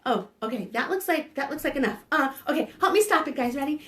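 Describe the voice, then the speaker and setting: A woman children's librarian leading a preschool storytime, animated and playful, gasping and chanting sing-song rhymes for small children. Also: high-pitched, fast, hardly any pauses.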